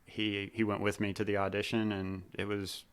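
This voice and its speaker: A man's voice: fairly low pitch, completely flat delivery, normal speed, clean tone. A man in his thirties from Missouri, a former drummer telling laid-back, rambling stories in a casual interview.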